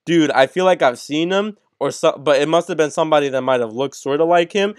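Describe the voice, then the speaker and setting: A young man rambles through a story on a live-stream podcast, peppering it with "like" and swear words. His voice sits a little high, and the headset gives it a dry, close sound with no room around it. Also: a little fast, dry recording. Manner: swearing, rambling, lots of "like" and "bro". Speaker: podcast co-host. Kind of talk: casual storytelling chat. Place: home setup, live stream.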